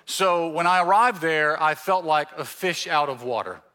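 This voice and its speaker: A pastor from the Mississippi Gulf Coast preaching a sermon, telling stories and acting out the dialogue in them. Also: male voice, a little high, expressive, moderate pace, pushed and bright. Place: church sanctuary.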